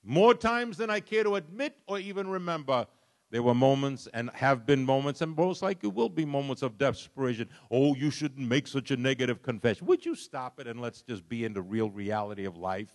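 A middle-aged man preaching a sermon, swinging from soft, low lines to loud, impassioned ones. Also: expressive, brisk. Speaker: pastor.

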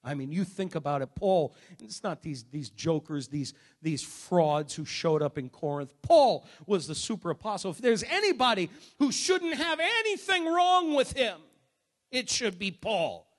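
A man preaching a sermon in church as pastor, emphatic, swinging between shouts and hushed asides. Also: high-pitched, very animated, a little slow. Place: church service.

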